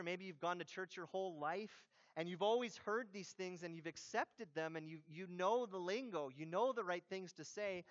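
A man, a pastor, giving a sermon in a conversational, animated way with casual asides. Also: sits high, no room sound, dull audio.

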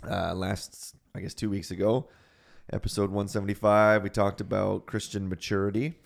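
Gravelly low-voiced podcast host. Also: male voice, moderate pace. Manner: relaxed, laughs often, leads the topic. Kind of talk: casual chat.

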